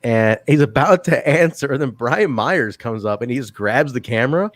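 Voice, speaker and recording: A man's voice: medium pitch, expressive, moderate pace, no room sound. A man hosting a wrestling podcast in casual chat, laughing often and mimicking the people he talks about. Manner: laughs often, quotes others in put-on voices. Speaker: podcast host.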